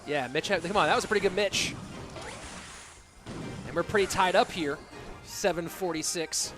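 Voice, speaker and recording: Male esports caster, a bit high-pitched, loose and joking, with music under his voice. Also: moderate pace. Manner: chatty and joking, answers chat between plays. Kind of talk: live game commentary. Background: background music.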